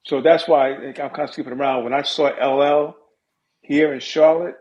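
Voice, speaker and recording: A middle-aged man, a music industry guest, telling stories in a casual interview with lively asides. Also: medium pitch, normal speed. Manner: animated storyteller with lively asides. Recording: dull lo-fi audio.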